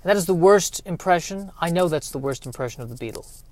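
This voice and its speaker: A man's voice: on the high side, animated, quick pace, a little hiss or hum. A man hosting a solo comedy podcast, rambling and sarcastic. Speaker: podcast host.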